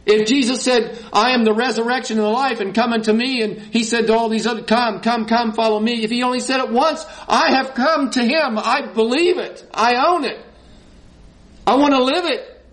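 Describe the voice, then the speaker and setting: A man preaching a sermon in a folksy, animated way, rising to high emphatic peaks. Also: moderate pace. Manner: folksy, says y'all.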